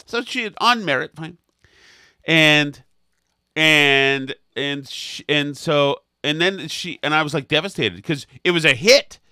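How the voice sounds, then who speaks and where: A man's voice: a little high, animated, unhurried, pushed and bright, clear, resonant tone, dry recording, clean studio sound. A man co-hosting a comedy podcast, telling long self-mocking anecdotes in a rambling way. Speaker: podcast co-host. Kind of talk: comedic storytelling chat.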